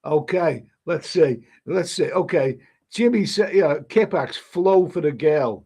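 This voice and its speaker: A middle-aged man chats casually on a live stream, reacting to viewer comments. His voice sits a little high for a man. He rambles, repeats words and often restarts his sentences. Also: lively intonation, slow pace, warm tone, breathy edge.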